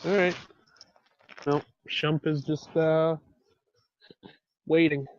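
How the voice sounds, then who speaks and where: A hesitant man playing a tabletop game, thinking aloud as he decides what to do. His voice sits somewhat high for a man and comes through dull and lo-fi. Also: little pitch movement, drawn-out words, slight background noise. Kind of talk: casual play over voice chat.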